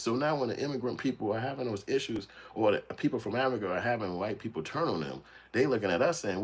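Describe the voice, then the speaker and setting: A man ranting in a casual commentary, profane and animated, telling streetwise stories. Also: lowish voice, fast talker, few pauses, slightly rough. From United States. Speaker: commentary show host.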